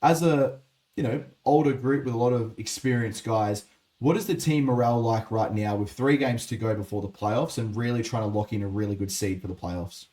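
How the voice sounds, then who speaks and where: A man's voice: mid-range voice, a little fast, warm tone. A man hosting a sports interview, chatty and friendly, calling his guest "mate". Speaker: podcast host, interviewer.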